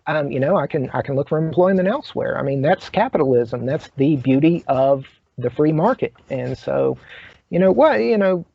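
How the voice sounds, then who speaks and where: A man hosting a casual talk show, speaking haltingly with many fillers and restarts. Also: a little high, expressive, gravelly, breathy edge, no echo. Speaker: host. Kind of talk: casual chat. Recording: dry, dull lo-fi sound.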